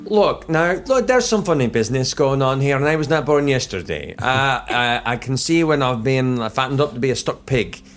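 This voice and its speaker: A man's voice: medium pitch, lively intonation, normal speed, few pauses, faint music behind, voice pushed up, natural voice. A man voicing a flustered, gullible male castle guard who stammers and is easily swayed, in a tabletop game. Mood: suspicious.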